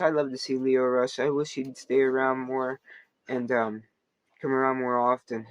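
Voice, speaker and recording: A man's voice: mid-range voice, flat delivery, moderate pace, no echo. A man hosting a wrestling podcast, giving a casual, rambling recap full of fillers, restarts and playful asides.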